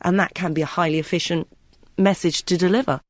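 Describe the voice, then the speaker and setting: A man's voice: high voice, fairly even intonation, quick pace, no room sound, studio quality. A man who produces radio commercials, explaining the trade in a practical, matter-of-fact way. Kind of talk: explanatory interview talk.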